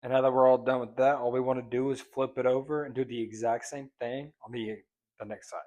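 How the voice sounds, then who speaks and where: A man's voice: medium pitch, little pitch movement, a little fast, darkish tone, highs cut off. A man casually showing how he seasons ribs, playful and slangy, crooning pet names at the food and the viewer. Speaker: cooking vlogger. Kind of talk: casual cooking demonstration.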